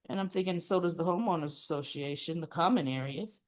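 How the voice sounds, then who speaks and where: A woman's voice: fairly low pitch, brisk, few pauses. A woman giving a casual, chatty recap of a soap opera episode and briefly acting out the characters' lines. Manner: chatty, retells scenes and acts out the characters' lines.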